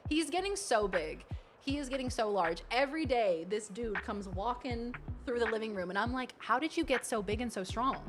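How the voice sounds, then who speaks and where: A woman streaming a game, chatting casually with viewers and reading the game's text aloud. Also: on the high side.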